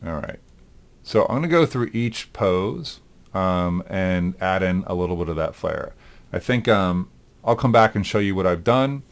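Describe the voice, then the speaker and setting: A male animation instructor in a recorded lecture, talking through his work aloud in a relaxed way, with frequent ums. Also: sits low, unhurried, creaky. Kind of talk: recorded lecture demonstrating software.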